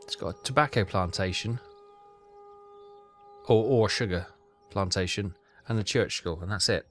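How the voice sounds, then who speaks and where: A man giving casual commentary on a strategy game, thinking aloud with halting, self-correcting phrases. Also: fairly low pitch, fairly bright tone, soft background music. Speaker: gaming channel host.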